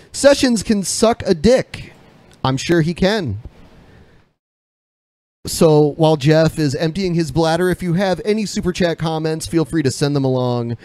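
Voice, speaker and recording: A man's voice: on the high side, a little mellow, no room sound. A man co-hosting a podcast in casual, crude, jokey chat, reading out viewer comments. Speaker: podcast co-host.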